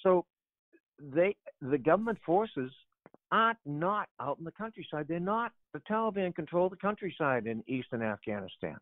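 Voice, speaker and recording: An older man is a guest on a talk show, calling in over a tinny, phone-like line with a dry sound. He tells his stories in an animated way, often repeating words and chuckling as he goes. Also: on the high side, moderate pace, no room sound. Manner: animated, laughs while telling anecdotes, repeats words. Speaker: author and guest. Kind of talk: conversational storytelling on a radio show.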